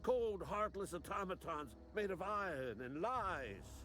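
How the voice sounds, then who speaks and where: A man's voice: high-pitched, big pitch swings, measured pace, sharp tone, a little hiss or hum, exaggerated voice. An actor playing a paranoid frontier townsman who preaches urgent warnings about a coming robot uprising. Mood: paranoid ranting.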